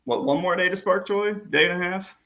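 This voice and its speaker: A man's voice: high-pitched, brisk, bright, forceful tone. A man co-hosting a casual livestream chat, teasing and jokey.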